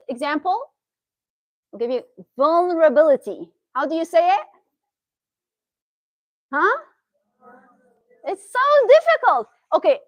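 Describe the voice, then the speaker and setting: A Syrian woman with a Syrian Arabic accent, whose first language is Arabic, gives an interactive motivational talk as a therapist, keeping it chatty and often questioning her audience. Her voice is high with a fairly bright tone. The recording is low quality but has no echo.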